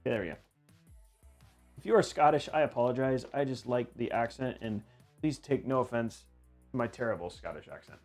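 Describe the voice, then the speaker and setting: A man's voice: medium pitch, a little fast, a little mellow, faint music behind. A man hosting a livestream in casual chat, rambling and joking at his own expense. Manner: rambling, playful, self-mocking. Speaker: livestream host.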